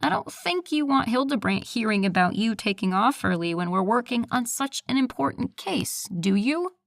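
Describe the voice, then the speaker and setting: A woman's voice: a little high, animated, vocal fry, no room sound, voice pushed up. A woman doing a snide, nasal male coworker. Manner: condescending, drawn-out taunting.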